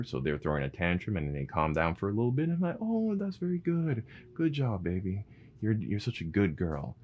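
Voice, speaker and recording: A young adult man giving casual parenting advice to his viewers, animated, swearing freely and calling them bro. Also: low-pitched, dull audio.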